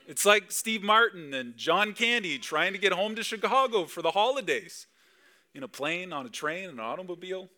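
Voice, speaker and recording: A pastor delivers a Christmas Eve sermon at a church service, his male voice high-pitched, pushed and bright. He keeps it conversational, peppering the congregation with rhetorical questions.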